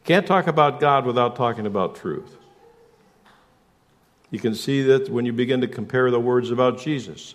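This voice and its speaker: A man preaching a sermon as pastor, emphatic, asking rhetorical questions and shifting suddenly between loud and soft. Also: mid-range voice, moderate pace.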